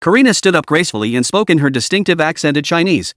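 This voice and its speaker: A man reading a scripted story recap as narrator, keeping an even storytelling read. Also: fairly high pitch, fast talker, no echo, clean studio sound.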